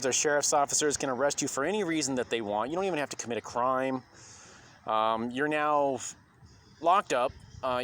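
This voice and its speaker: A man's voice: fairly high pitch, fairly bright tone. A man delivering an indignant, rambling monologue to camera about constitutional rights, full of ums and uhs. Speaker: video commentator.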